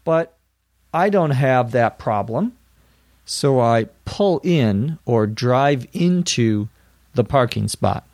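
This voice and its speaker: A man's voice: mid-range voice, animated, slow, darkish tone, dry recording, studio quality. A man teaching English vocabulary, explaining words carefully in a scripted lesson.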